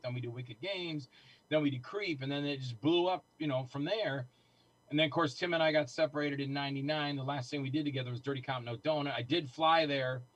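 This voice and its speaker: A middle-aged man telling stories in casual conversation, animated and acting out the voices of people he quotes. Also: a little high, poor audio. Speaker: guest filmmaker. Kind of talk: casual storytelling.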